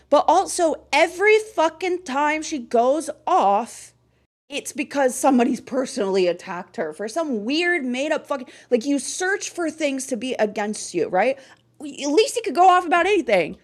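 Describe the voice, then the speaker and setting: A woman co-hosting a casual chat show, ranting fast and swearing a lot. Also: high-pitched, very animated. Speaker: co-host.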